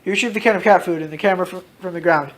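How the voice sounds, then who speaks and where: A man casually reading out his own story, dropping into loud voices for its characters. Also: high-pitched, very fast, slight background noise. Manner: switches into loud shouted character lines, swears freely.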